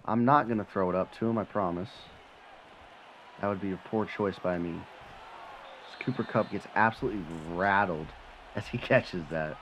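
A man giving live commentary on his own football video game, muttering one moment and shouting and swearing the next. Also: normal speed, pauses often, slight background noise. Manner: swings from low mutter to excited yelling, swears when frustrated. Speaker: gaming channel host.

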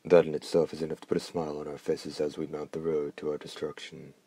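A man's voice: rumbling low, level tone, fast, mellow, slightly rough, full character voice. A man voicing a bitter, mutilated old male steward who speaks in a formal, polite way. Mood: resolved.

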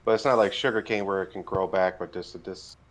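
A man's voice: deep voice, fairly even intonation, brisk. A man co-playing a farming game, chatting casually and asking his partner questions. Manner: laid-back, asks questions. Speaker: co-host player. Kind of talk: casual gameplay chat.

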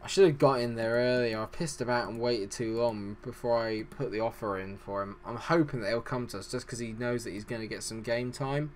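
A man's voice: mid-range voice, brisk, few pauses, slight background noise. A man hosting a gaming channel, giving rambling, self-deprecating let's-play commentary.

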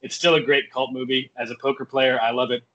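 A male podcast guest on a video call, telling animated stories in casual chat and swearing freely. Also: medium pitch, quick pace, lo-fi sound.

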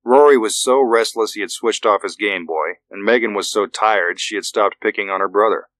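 A man narrating a thriller audiobook in a measured, steady way. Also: lowish voice, no room sound.

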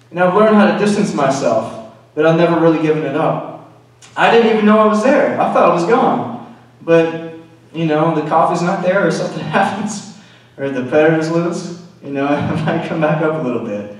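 A man with a slightly high voice preaches in a loose, confessional way, tossing in "you know" as he goes. His voice rings around a big, echoey church hall. It reaches the mic from well off. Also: normal speed, far from the mic. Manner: candid, confessional, frequent "you know" asides. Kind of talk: conversational sermon testimony. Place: church sanctuary.

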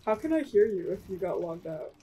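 A woman's voice: medium pitch, very animated, a little fast, dark tone, a little hiss or hum. A woman hosting her gaming channel, chatting playfully and making fun of herself while she plays. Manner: playful, jokey, self-mocking. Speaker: channel host. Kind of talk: casual gameplay chat.

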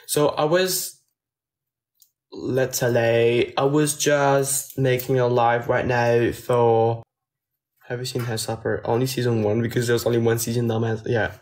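A young man, his Dutch, takes his time as he chats into his phone from a home kitchen. He reads viewers' questions aloud and answers them in a relaxed, unhurried way, at a mid pitch for a man. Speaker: livestreamer. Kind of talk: casual livestream chat reading comments. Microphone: phone livestream.

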